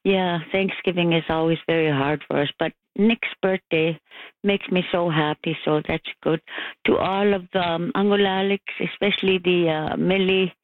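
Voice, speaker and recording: A woman's voice: fairly low pitch, fairly even intonation, normal speed, dry recording. An older woman phoning in to a radio show, sending emotional, rambling greetings to her family. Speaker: caller. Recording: tinny phone line.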